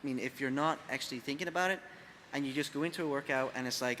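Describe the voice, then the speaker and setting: A man with an Irish accent, a gym coach co-hosting a podcast, talking in a loose, halting way with many fillers. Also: medium pitch, pushed and bright. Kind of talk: casual podcast chat. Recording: reverberant room with faint noise.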